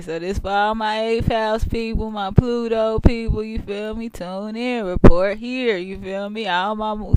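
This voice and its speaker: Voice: mid-range voice, clear, resonant tone, no room sound. An astrology vlogger talking casually and straight to the viewers in loose street slang, keeps checking in with the listener and chuckles between phrases. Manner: laid-back street slang, keeps asking "you feel me".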